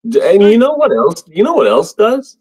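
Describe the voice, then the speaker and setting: A man's voice: high voice, huge pitch swings, moderate pace, darkish tone, breathy edge. A man co-hosting a casual movie podcast, rambling and laughing often as he reads out favorite lines. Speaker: podcast co-host. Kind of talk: casual chat.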